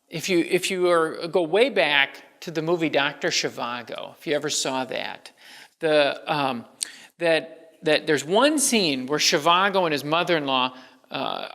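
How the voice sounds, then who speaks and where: A man speaks from the pulpit with a somewhat high-pitched voice, working through a sermon in a relaxed, conversational way, often circling back and restarting his phrases. His words ring out with the long reverb of a church sanctuary. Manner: conversational, with many restarts and fillers. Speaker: pastor.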